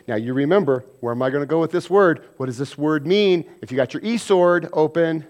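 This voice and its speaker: A man preaching a sermon in a conversational way, swinging between loud emphasis and quiet asides and acting out everyday quarrels in quick mock voices. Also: medium pitch. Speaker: pastor.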